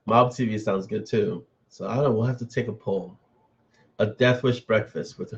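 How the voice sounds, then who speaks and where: A man with a fairly low voice hosts a relaxed live stream, talking loosely and reacting to viewer comments as they come in. The sound is a bit dull and lo-fi, the way a computer microphone on a live broadcast comes across. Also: unhurried, vocal fry. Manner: loose and chatty, reading and answering viewer comments. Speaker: author hosting a live stream. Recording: dull, slightly lo-fi stream audio.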